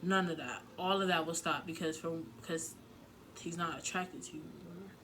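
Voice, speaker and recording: A woman's voice: sits low, fairly even intonation, normal speed, background noise. A woman giving frank relationship advice in a casual vlog, talking candidly with plenty of filler words and some swearing. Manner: emotional, close to tears at times.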